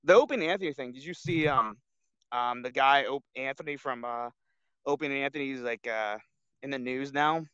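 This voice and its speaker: A man's voice: mid-range voice, moderate pace, a bit bright, smooth, dry recording, highs cut off. A man co-hosting a casual online show, rambling with lots of fillers and restarts. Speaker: co-host. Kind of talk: casual podcast chat.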